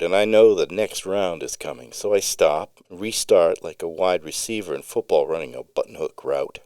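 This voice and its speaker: Man, memoir narrator, very low voice, smooth and resonant, vivid unhurried storytelling. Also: a little mellow, dry recording, clean studio sound. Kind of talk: reading a personal memoir story aloud.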